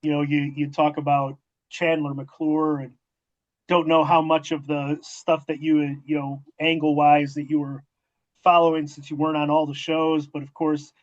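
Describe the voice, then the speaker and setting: Man, fairly high voice, host, casual storytelling, salty language, dull lo-fi sound. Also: moderate pace. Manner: profane, animated storytelling with quoted dialogue. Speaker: podcast host and former wrestling manager. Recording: dull lo-fi audio.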